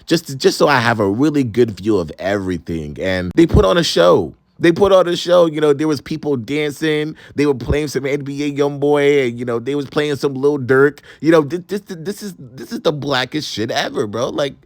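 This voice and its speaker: A man's voice: on the high side, moderate pace, hardly any pauses, no room sound, studio quality. A young man in his twenties from Maryland, telling a story casually with lots of slang and swearing. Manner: animated, profane, slangy, exclaims "bro" a lot. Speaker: storytime vlogger.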